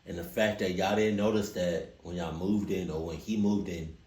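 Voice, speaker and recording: A man reacting to a horror story, loud and animated, joking and swearing. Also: sits low, normal speed. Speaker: reaction video host. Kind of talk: casual reaction commentary. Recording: echoey room.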